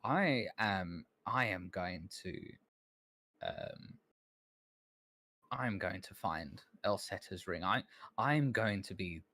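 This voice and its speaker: A man's voice: low voice, lively intonation, slow pace, pauses often, sharp tone, heavily acted. A man voicing a resentful, whiny young male bookkeeper's assistant who stammers petulantly.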